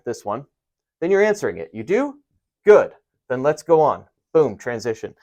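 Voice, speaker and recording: A man giving a casual writing lesson, energetic and profane, with rambling asides, sometimes loud and sometimes muttering under his breath. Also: mid-range voice. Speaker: writing teacher. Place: home room writing on a board.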